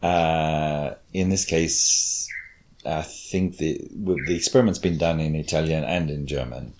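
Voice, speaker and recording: A man's voice: rumbling low, unhurried, darkish tone, slight background noise. A man, a cognitive scientist, explaining his experiments patiently in a casual chat and demonstrating intonation.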